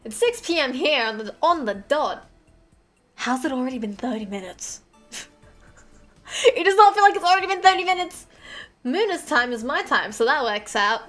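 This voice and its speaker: A woman's voice: sits high, lively intonation, normal speed, long pauses, fairly bright tone, soft background music. Chatty Australian woman streamer, swearing. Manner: chatty, swears freely, mutters to herself. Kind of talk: casual live-stream chat while drawing.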